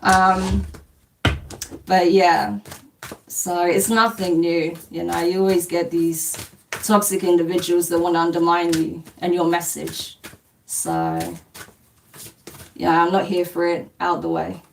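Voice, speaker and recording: Woman streamer, low-ish tone, blunt and sweary, reading viewer comments; mic a bit far off, faint noise behind. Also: measured pace, vocal fry. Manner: blunt and dismissive, swears casually, laughs often. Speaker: spiritual reader hosting a live stream. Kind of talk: casual live-stream chat answering comments.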